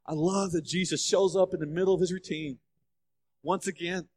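A man preaching a sermon, telling the story with lively changes of voice as he acts out the figures. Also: sits high, moderate pace. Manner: animated storytelling, acting out quoted voices. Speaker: pastor. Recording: long hall reverb.

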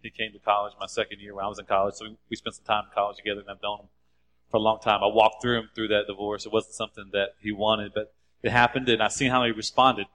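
A man's voice: lowish voice, little pitch movement, fast, fairly bright tone. A man preaching a sermon, earnest and exhorting, repeating key lines for emphasis. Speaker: pastor.

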